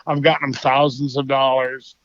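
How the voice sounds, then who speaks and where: A man's voice: mid-range voice, flat delivery, normal speed, a bit bright, dry recording, dull audio. A man from Boston, a working actor, chatting easily and rambling a little as a podcast guest. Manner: easygoing, rambling, self-correcting. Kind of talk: casual interview chat.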